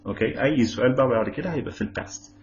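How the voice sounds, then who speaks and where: A man with an Egyptian Arabic accent teaching English grammar, saying example sentences slowly and explaining quickly in between. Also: mid-range voice. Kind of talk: bilingual grammar lesson. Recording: slightly dull lo-fi audio with faint hum.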